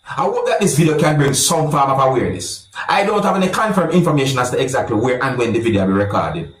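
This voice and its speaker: A man's voice: medium pitch, very animated, fast talker. A man hosting a vlog, talking his viewers through viral clips and calling them "my people". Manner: addresses viewers as "my people", chatty and reflective. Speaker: vlog host. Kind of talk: casual commentary on viral clips. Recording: echoey room with faint noise.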